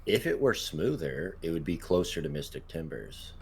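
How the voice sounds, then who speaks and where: A man's voice: deep voice, big pitch swings, normal speed, creaky, darkish tone, slight background noise. A man co-hosting a casual podcast, laid-back and swearing now and then, trailing off with ums. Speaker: podcast co-host.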